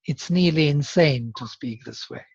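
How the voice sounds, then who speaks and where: Patient teacher, breathy tone, muffled call audio, steady middle pitch. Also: moderate pace, no room sound. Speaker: Sanskrit teacher. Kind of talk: online class explanation.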